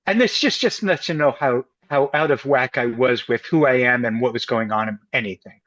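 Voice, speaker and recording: With a mid-range voice at a moderate pace, a couples counselor from the United States tells a story as an interview guest, lively and acting out the quoted voices. The recording is missing its high frequencies.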